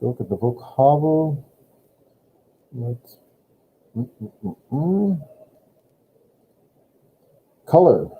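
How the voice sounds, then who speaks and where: A man's voice: mid-range voice, expressive, takes it slowly, pauses often, a little hiss or hum. A man teaching a German lesson, patiently explaining grammar step by step and prompting a student. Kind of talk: online language lesson. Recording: tinny phone-like line.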